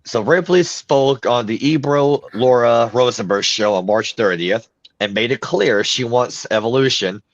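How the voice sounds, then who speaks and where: A man with a medium-pitched voice talks a little slowly while hosting a casual podcast. He reads news aloud and voices blunt opinions with a few fillers, all captured in a dry, dull lo-fi recording.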